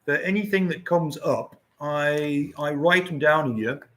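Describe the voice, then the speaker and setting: Slow-talking older man, chatty. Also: on the high side, fairly bright tone. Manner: rambling, chatty, chuckles often. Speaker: livestream host. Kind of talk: casual live-stream chat.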